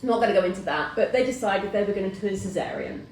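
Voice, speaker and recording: A middle-aged woman hosting a casual chat, telling a personal story in an animated way and acting out the voices of people in it. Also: mid-range voice, fast talker. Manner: animated storyteller who acts out quoted voices. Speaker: host. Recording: roomy, distant mic.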